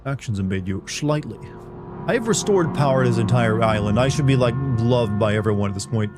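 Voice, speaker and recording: A man's voice: mid-range voice, expressive, brisk, music in the background. A man streaming a video game, giving sarcastic, rambling casual commentary. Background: game sounds.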